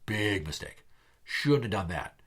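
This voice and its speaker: A man's voice: on the low side, measured pace, breathy edge. Guy podcast host ranting through a work story, lots of swearing, voice jumps all over. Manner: animated, profane, acts out quotes loudly. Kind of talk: casual storytelling chat.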